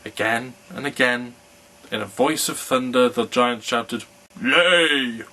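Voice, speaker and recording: A man reading a fairy tale aloud in a slow, measured storytelling manner. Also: mid-range voice, fairly even intonation, sharp tone, low-quality recording.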